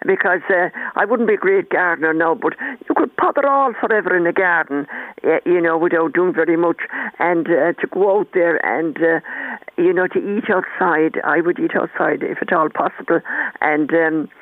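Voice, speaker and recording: A woman's voice: on the low side, moderate pace, no room sound. Older woman author, rambling anecdotal manner, dry close phone-line sound. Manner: chatty, rambling, warm storyteller with frequent restarts. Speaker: author guest. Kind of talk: storytelling in a radio interview.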